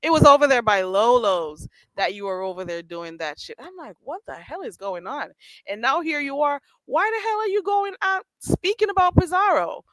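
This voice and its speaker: A woman's voice: sits high, lively intonation, normal speed, few pauses, a bit bright, no room sound, rough recording. A woman hosting a casual livestream, chatting and teasing viewers by name and laughing often. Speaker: livestream host. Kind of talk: casual chat reading live chat. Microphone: streaming mic.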